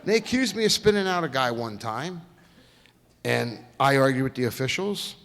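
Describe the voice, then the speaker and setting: A folksy male guest speaker tells stories in a lively, swooping voice. He acts out each quote, and his voice rings through a long echoey lecture hall. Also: mid-range voice, moderate pace. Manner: folksy, animated storyteller acting out quotes. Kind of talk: storytelling lecture.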